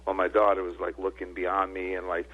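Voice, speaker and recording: A man's voice: sits low, monotone, fairly quick. A man in his sixties, a guest on a radio show, telling stories in an emotional, earnest way. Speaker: guest speaker. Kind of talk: storytelling in a radio interview. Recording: tinny phone line.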